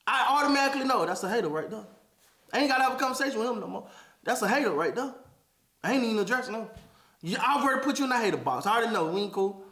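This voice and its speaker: A man's voice: extremely high pitch, expressive, fast talker, bright, forceful tone. A man hosting a podcast, giving an emphatic motivational monologue and repeating phrases for emphasis. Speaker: podcast host. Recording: echoey room.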